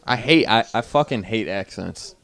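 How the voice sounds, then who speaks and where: A man co-hosting a comedy podcast in relaxed, laid-back banter. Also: on the low side, moderate pace, vocal fry. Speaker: podcast co-host. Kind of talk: casual comedy chat.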